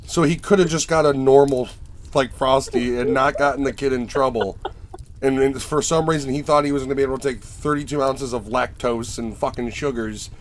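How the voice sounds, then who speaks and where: A man's voice: mid-range voice, fairly quick, a little hiss or hum. A man hosting a casual chat, telling stories with plenty of swearing and acting out the people in them. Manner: profane, storytelling, animated in anecdotes.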